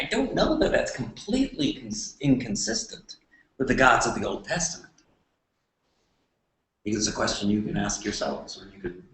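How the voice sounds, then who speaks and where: A man giving a classroom lecture, talking haltingly with many fillers and restarts. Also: medium pitch, fairly bright tone. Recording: echoey room, voice from far off.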